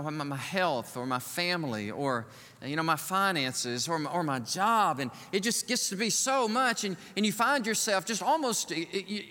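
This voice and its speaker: A man preaches from the pulpit with a bright, forceful voice pitched a little high. His delivery is animated, and he slips into the voices of the people in his story. The sound carries a long reverb from the large church around him. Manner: animated, acts out the people he quotes. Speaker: pastor. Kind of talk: sermon.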